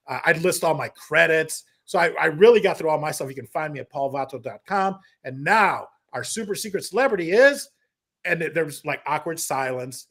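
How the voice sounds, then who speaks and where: A man, a comedian guest on a podcast, telling stories in a lively, casual way and breaking into impressions. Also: on the high side, a little fast. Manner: animated storyteller, slips into impressions. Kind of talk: casual interview storytelling.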